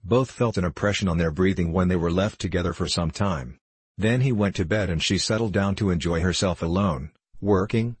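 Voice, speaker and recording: A man narrates a novel in a steady, measured audiobook reading. His voice is very deep and a little husky. The recording is dry and close. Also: dry recording.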